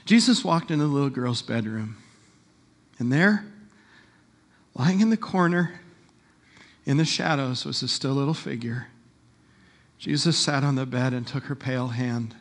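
A man preaching a sermon as pastor, retelling a story with animated delivery and slowing down for emphasis. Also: mid-range voice.

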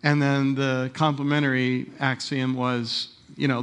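A man preaching a sermon as pastor, retelling a story with animated delivery and slowing down for emphasis. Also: mid-range voice, clear, resonant tone.

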